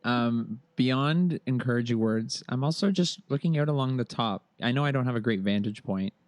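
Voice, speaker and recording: A man plays a tabletop game and keeps cracking playful jokes. His voice sits at a middle pitch. The recording is dry and close. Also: normal speed, darkish tone, no room sound. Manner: joking, playful. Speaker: player.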